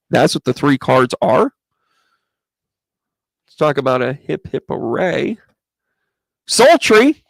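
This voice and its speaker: A psychic medium reads tarot on a live stream, chatting away and greeting viewers by name as he works through each card. His voice sits at an everyday middle pitch with a gravelly, creaky edge, recorded close and dry with no echo.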